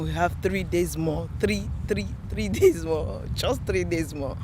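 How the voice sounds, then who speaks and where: A woman talking earnestly to camera while walking outdoors, repeating herself and filling pauses with "you know". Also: lowish voice, darkish tone, a little hiss or hum. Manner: earnest, repetitive, many "you know" fillers. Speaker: vlogger on a walking challenge. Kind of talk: reflective walking vlog talk. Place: outdoors, walking near a road.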